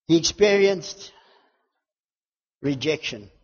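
A man preaching a sermon with a fervent delivery, swinging from loud declarations to hushed intensity and building repeated lists and refrains. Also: a little high, animated, slow pace, big-room sound, muffled recording.

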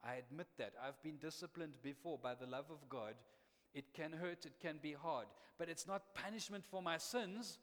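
Pastor preaching in an echoing hall. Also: male voice, on the high side, normal speed, fairly bright tone. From South Africa. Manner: emphatic preaching with joking asides. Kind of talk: sermon. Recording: long reverb of a hall.

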